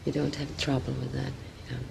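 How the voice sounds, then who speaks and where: Woman, actress, gravelly voice, halting, faint tape hiss. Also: rumbling low, level tone. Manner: halting, searching for words, many restarts. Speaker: actress and director, interview guest. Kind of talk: casual interview talk.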